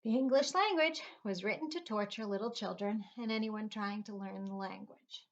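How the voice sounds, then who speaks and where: A woman's voice: medium pitch, normal speed. A middle-aged woman teaching a phonics lesson to young children, patiently spelling words out letter by letter. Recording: dull lo-fi recording.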